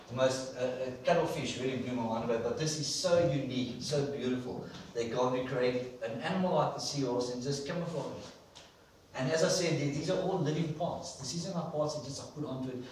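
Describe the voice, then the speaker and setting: A man's voice: mid-range voice, slight background noise. A man preaching an enthusiastic sermon in a church, repeating words for emphasis. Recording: echoey church hall from far off.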